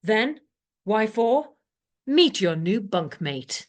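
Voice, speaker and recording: A woman's voice: mid-range voice, very animated, takes it slowly. A woman playing a strict, smug female deck sergeant in an audio comedy, commanding and officious. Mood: bossy.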